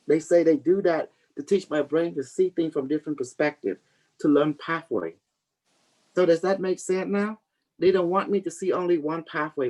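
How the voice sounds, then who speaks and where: A man speaking a little higher than most men, in a rambling, repetitive way. He hosts a casual teaching talk for his community and breaks into laughter often. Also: darkish tone, poor audio. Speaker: community leader and host.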